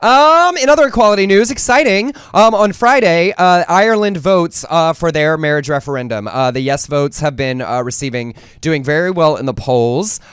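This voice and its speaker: A man's voice: fairly high pitch, normal speed, few pauses, clear, resonant tone, no echo, clean studio sound. A man co-hosting a casual news chat show, reading out stories with sarcastic asides. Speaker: talk show co-host.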